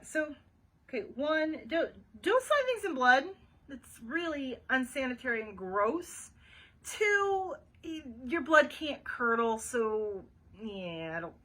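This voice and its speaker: A woman's voice: sits high, big pitch swings, a little slow, bright, forceful tone, low-quality recording. A woman librarian reading a children's chapter book aloud, adding chatty asides for young listeners.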